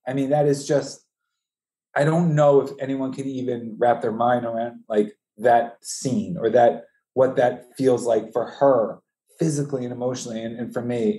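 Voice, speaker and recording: Male, mellow and dark-toned, bereaved father in an interview, halting and emotional delivery. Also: mid-range voice. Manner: halting, emotional, many restarts. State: voice breaking, high and strained with grief. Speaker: bereaved father telling his story. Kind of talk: personal storytelling interview.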